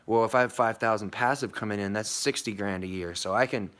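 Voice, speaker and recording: Rambling through a lengthy tale on his casual vlog, this young man from the United States swears freely and keeps restarting, filling gaps with fillers. He speaks briskly in a voice on the low side with a fairly bright tone.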